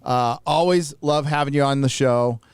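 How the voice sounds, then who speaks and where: A man's voice: mid-range voice, normal speed, clear, resonant tone, no room sound. A man hosting a live stream, laid-back and joking as he thanks guests. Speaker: host. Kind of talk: casual stream chat.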